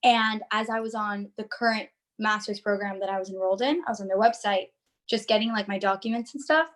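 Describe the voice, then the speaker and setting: A woman's voice: medium pitch, fairly quick. A woman in her twenties from Miami, a podcast guest telling stories in casual chat and acting out her own lines. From Miami, United States. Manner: animated storyteller, acts out her own lines.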